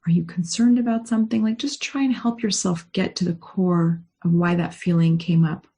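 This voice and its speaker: Woman rabbi talking folks thru a meditation, soft and gentle, husky with a bit of gravel. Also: on the low side, fairly even intonation. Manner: gentle, unhurried guiding tone. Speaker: rabbi leading a study session. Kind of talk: guided meditation and teaching.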